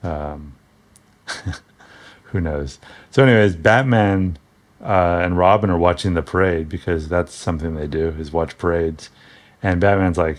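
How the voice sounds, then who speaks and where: A man with a deep, low-pitched voice talks through an old comic book in a loose, offhand way. He jokes and chuckles as he goes, stopping often on ums and correcting himself mid-sentence. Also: unhurried, long pauses. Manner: rambling, joking, chuckles often; hesitant, frequent ums and self-corrections. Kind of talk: casual comic book commentary.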